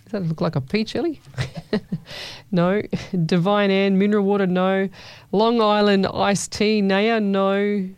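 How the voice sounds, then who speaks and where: Aussie lady radio host, chatty and playful, smooth clear voice, dry studio sound. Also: medium pitch, steady tone, measured pace, a little mellow, no echo. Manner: chatty, playful, calls listeners lovey. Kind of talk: casual chat reading listener messages.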